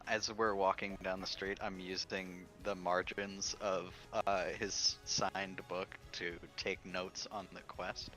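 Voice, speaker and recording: A man's voice: low voice, little pitch movement, takes it slowly, few pauses, sharp tone, faint music behind. A man playing a tabletop game, talking in a hesitant, stammering way. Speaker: player.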